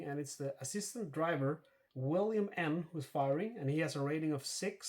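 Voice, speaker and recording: A man narrating a solo board game playthrough, thinking aloud with many fillers and self-corrections as he explains each rule and dice roll. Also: on the high side. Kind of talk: casual explanatory playthrough commentary.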